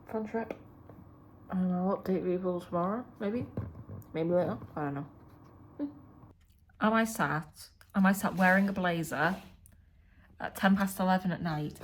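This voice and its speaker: A woman with a lowish voice rambles to camera in a hotel room. Her talk is casual and meandering, full of fillers and restarts. A faint background hiss sits under her voice. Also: unhurried, long pauses. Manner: rambling, chatty, lots of "like" fillers. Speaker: vlogger.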